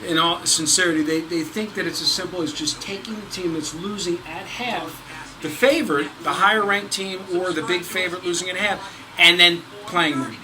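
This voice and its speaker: A man's voice: high voice, normal speed, noisy background. A man hosting a sports betting show, chatting animatedly and teasing his co-host. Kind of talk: casual sports betting chat. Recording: crowd chatter in the background.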